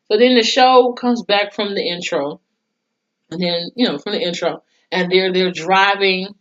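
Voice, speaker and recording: A woman's voice: mid-range voice, moderate pace, lo-fi sound. A young woman casually recapping a TV episode, chatty and profane, acting out the characters' lines as she goes. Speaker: TV reviewer.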